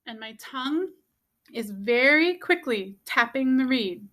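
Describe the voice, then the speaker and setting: A woman's voice: sits high, animated, unhurried, pushed and bright. A woman teaching a beginner music lesson, patiently repeating each step and checking in with "okay?". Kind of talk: instructional video lesson.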